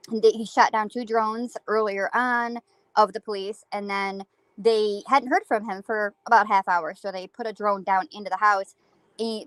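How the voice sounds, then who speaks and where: A woman's voice: mid-range voice, fairly bright tone, no room sound. A woman with a mid-range voice earnestly recounting the latest news. The recording is dry and close, with no room sound. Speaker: guest. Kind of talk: casual chat.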